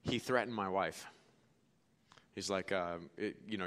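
A middle-aged man preaching a sermon as pastor, telling stories and swinging from hushed to forceful. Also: low-pitched, measured pace, pauses often. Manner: storytelling, quoting others, swings from hushed to forceful.

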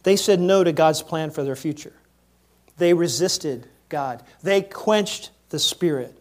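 A man preaching a sermon in a church, moving between quiet asides and loud acted-out quotes. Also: a little high, measured pace. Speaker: pastor.

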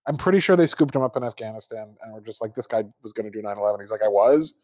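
A man's voice: lowish voice, racing, darkish tone, no echo. A man hosting a casual political podcast, reading articles aloud and mocking them with sardonic asides. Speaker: podcast host.

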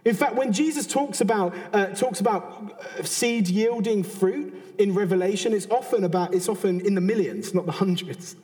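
An earnest man with a British accent gives a conversational sermon, doubling back on his words and adding asides. His voice sits fairly high and sounds mellow and soft-edged. Long reverb from a large hall trails behind him. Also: normal speed, few pauses. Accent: British English. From Britain. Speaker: preacher.

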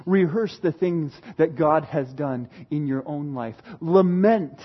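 Male preacher, unhurried delivery, swings between loud storytelling and quiet emphasis. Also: on the high side, breathy edge, highs cut off. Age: adult parent. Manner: dramatic, shifts from loud retelling to hushed emphasis. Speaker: pastor. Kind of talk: sermon.

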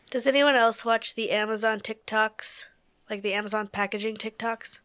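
Smooth-voiced woman chatting casually. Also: on the high side, fairly even intonation, moderate pace, a bit bright. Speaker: podcast co-host. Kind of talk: casual chat.

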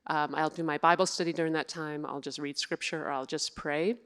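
A woman's voice: low-pitched, steady tone, brisk, clean tone. A woman who serves in family ministry and raises two kids, sharing her faith story in an earnest, reflective way during a church interview. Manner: earnest, reflective, with soft laughs.

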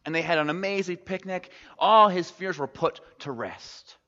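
A man preaches in a church and tells his story with plenty of expression. His voice sits a touch high. The recording is dull and lo-fi, and a long reverb hangs in the sanctuary. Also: moderate pace. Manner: expressive storytelling, reflective close. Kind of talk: sermon storytelling.

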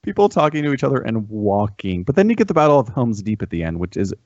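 Man, lively pitch, wry podcast host, dull dry sound. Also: quick pace, no room sound. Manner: animated, laughs often, wry asides. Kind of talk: casual podcast chat.

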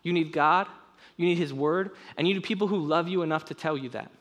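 A young man preaching a sermon, earnest and conversational, with quick casual asides. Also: a little high, a bit bright. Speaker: pastor.

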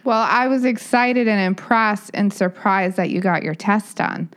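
A woman's voice: medium pitch, a little slow, a bit bright, clean tone. A woman co-hosting a podcast in casual chat, backing up and teasing her partner. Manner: supportive, teasing listener. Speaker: podcast co-host.

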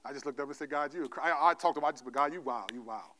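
A male pastor preaching a sermon, telling stories animatedly, playing out God's voice in slangy asides and then dropping into a quieter, gentle exhortation. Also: fairly high pitch, rapid-fire. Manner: drops to a soft, quiet delivery for the exhortation.

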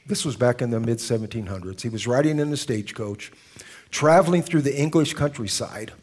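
Male pastor, sermon delivery; earnest and deliberate, medium-pitched voice. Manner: earnest storytelling with slowed, emphatic phrases. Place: church service.

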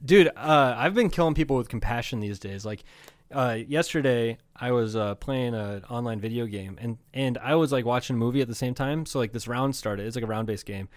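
A man's voice: mid-range voice, brisk, no echo, studio quality. A man co-hosting a comedy podcast, chatting casually and rambling, swearing freely. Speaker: podcast co-host. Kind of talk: casual chat.

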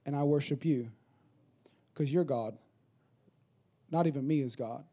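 Mellow-voiced pastor preaching conversationally. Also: male voice, mid-range voice. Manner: conversational preaching, builds to rapid repetitive crescendos. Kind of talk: sermon.

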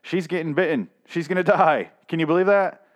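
A man's voice: a little high, a little fast, highs cut off. A man giving a casual, rambling recap of a comic, sarcastic and foul-mouthed, often restarting his sentences. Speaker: comic book recap vlogger.

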